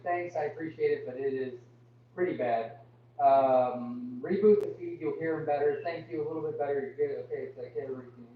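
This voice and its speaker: A young man hosting a live farm Q&A, reading viewer comments aloud and answering with apologies, straining his voice to talk louder. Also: fairly high pitch. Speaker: farm livestream host. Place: indoors on a farm. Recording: muffled, distant, echoey, with hum.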